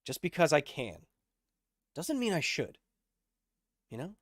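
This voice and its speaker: A man's voice: on the high side, sing-song, a little slow, no echo, studio quality. A man hosting a livestream, explaining science casually and answering chat with jokes. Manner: explains science, reads chat aloud, jokey. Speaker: host.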